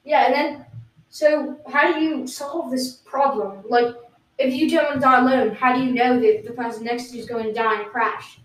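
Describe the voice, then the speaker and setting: A woman co-hosting an improvised comedy podcast, firing off teasing questions. Her voice sits fairly high. The recording is roomy and set back from the mic. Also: steady tone, normal speed, distant mic. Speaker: podcast co-host.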